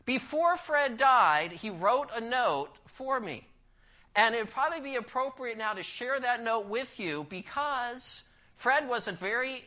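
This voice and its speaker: A man's voice: extremely high pitch, pushed and bright. A man preaching a sermon, emphatic, asking the congregation rhetorical questions and telling a story.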